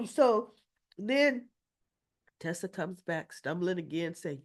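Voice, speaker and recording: A woman's voice: lowish voice, lively intonation, drawn-out words, pauses often. A woman hosting a casual soap opera recap, chatty and opinionated, acting out the characters' lines and sounding a little winded. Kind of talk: casual retelling of episodes.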